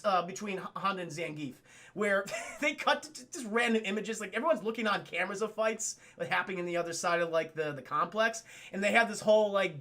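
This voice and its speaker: A man recapping a film on a live stream, excitable and profane, often laughing. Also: sits high, gravelly.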